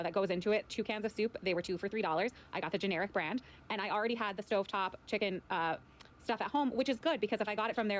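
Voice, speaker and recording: A woman's voice: medium pitch, a little hiss or hum. A woman from the American Midwest ranting casually about food prices in an exasperated way, with many fillers. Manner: fast, exasperated, filler-heavy.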